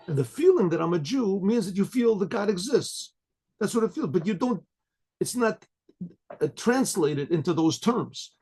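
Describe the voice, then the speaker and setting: Husky-voiced rabbi giving a casual talk. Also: male voice, sits high, animated, normal speed, a little mellow. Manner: conversational teaching, frequent throat clearing, Hebrew phrases translated. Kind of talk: sermon-style Torah class.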